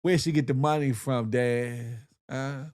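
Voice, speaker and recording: A man's voice: medium pitch, unhurried. A man hosting a morning show, riffing in casual commentary with slang, frequent laughs and sung snippets. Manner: animated, slangy, laughs often, sings snippets.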